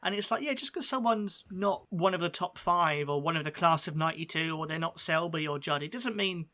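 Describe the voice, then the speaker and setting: A man's voice: on the high side, brisk, sharp tone. A man co-hosting a snooker podcast in casual chat, jokey and playful. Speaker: podcast co-host.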